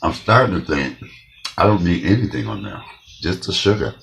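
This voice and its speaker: Male home-cooking host, very low and animated, blunt and chatty, slight hiss behind him. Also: moderate pace, creaky. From Detroit, USA. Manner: chatty and blunt, talks straight to viewers. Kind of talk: casual cooking vlog with tasting.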